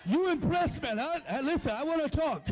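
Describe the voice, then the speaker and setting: Man playing an arrogant German heel wrestler, fake German accent, very high shouted voice, old wrestling promo. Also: animated, moderate pace. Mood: furious ranting. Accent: put-on German accent. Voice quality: loud, ranting, mixes broken German and English.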